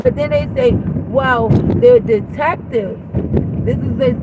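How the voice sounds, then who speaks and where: A woman's voice: high voice, a little slow, very noisy. A woman vlogger telling a story in a blunt, casual way, acting out both sides of a conversation as she goes. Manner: blunt, profane, animated retelling with acted-out dialogue. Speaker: vlog host.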